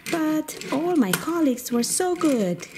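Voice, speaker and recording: A woman's voice: high voice, sing-song, unhurried. Woman, playful, sing-song, toy car play for kids, noisy home recording.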